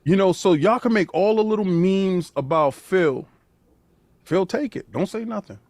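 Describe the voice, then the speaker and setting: Here a man hosting a podcast launches into a lively, emphatic rant at normal speed, his voice sitting high. Sentences often restart with repeated opening words, and the studio sound is clean with no room noise.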